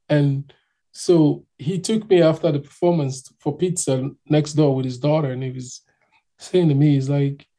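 A man's voice: fairly high pitch, normal speed, vocal fry, dark tone. A man from Nigeria telling his own story in casual chat, acting out other people's voices as he goes.

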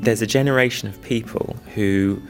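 Low gravelly-voiced man, wry and rambling. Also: moderate pace, over loud music. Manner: self-deprecating, chuckling, rambling. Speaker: weaver restoring old looms. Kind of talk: documentary interview.

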